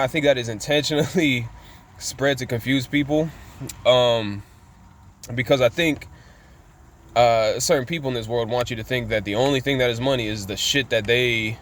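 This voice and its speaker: Blunt, cursing male commentator, mid-pitched, recorded outdoors near traffic. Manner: blunt, profane, ranting. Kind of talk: casual monologue.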